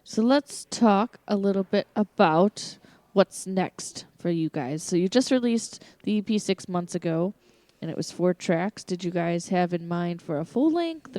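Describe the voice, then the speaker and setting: Female co-host, teasing and laughing, low-ish voice, dry sound, on location. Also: dark tone, no room sound. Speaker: radio show co-host. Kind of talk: casual interview chat. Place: bowling alley bar.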